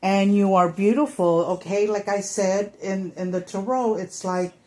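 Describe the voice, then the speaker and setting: Slow, chatty woman reading tarot. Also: mid-range voice, steady tone, darkish tone. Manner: chatty, many fillers, acts out quoted thoughts. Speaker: tarot reader. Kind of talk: casual tarot reading to camera.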